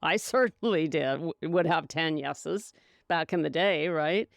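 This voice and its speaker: A woman's voice: sits low, measured pace, gravelly, no echo, studio quality. Giggly, sarcastic woman hosting a podcast. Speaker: podcast host. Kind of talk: casual sobriety talk.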